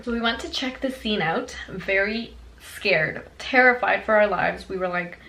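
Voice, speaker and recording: A young woman vlogger telling a childhood story in a chatty, animated way, full of fillers. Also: mid-range voice, unhurried, gravelly, low-quality recording. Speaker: beauty vlogger. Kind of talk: storytime vlog.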